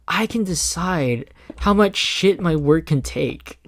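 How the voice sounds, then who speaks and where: A man's voice: fairly high pitch, expressive, slow pace, no echo. A young man talking casually while playing a survival game, rambling in loose thoughts and swearing when startled. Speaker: gaming video creator. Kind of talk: casual gameplay commentary.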